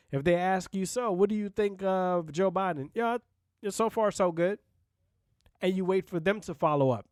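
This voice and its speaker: A man's voice: a little high, darkish tone, no room sound, clean studio sound. A man hosting a solo podcast, talking bluntly and casually, with profanity and frequent "you know what I mean" asides. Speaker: podcast host.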